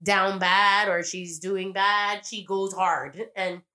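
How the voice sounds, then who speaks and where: A woman's voice: mid-range voice, steady tone, slow pace, sharp tone. A woman casually recapping a TV episode on a podcast, rambling, swearing freely and acting out the characters' lines. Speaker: podcast co-host.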